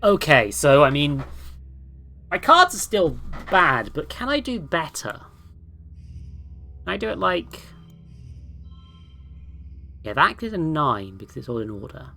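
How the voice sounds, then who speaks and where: A woman's voice: sits low, sing-song, measured pace, creaky, long pauses, pushed and bright, soft background music. Chatty self-deprecating woman streamer. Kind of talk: let's play with reading aloud.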